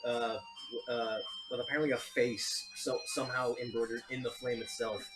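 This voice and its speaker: A man acting as game master, calmly narrating scenes and calling for rolls. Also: mid-range voice, normal speed, over music. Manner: calm, descriptive narration of the scene. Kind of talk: running a tabletop game.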